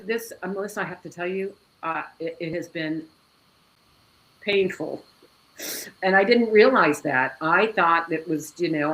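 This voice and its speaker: A woman speaking as an interview guest, telling a personal story in an animated, exclamatory way and laughing often. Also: on the low side, low-quality recording.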